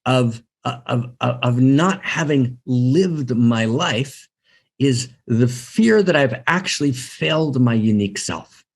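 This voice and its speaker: A man's voice: fairly high pitch, breathy edge. A man giving a spiritual teaching talk on an online broadcast, impassioned, repeating phrases and often asking "right?".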